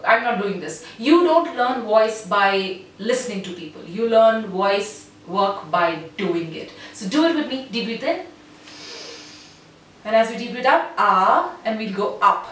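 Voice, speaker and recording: A woman voice coach leading vocal exercises, demonstrating deep and high nasal voices as she teaches. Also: expressive, unhurried. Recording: echoey room from a distance, faint noise.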